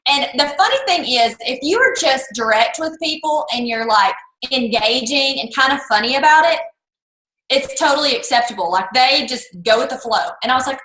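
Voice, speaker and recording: A woman talks in a quick, animated way, leaping up in pitch whenever she acts out someone she is quoting. Her voice sits high and sounds bright. The room gives it a roomy echo. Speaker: guest speaker. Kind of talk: lively anecdotal talk.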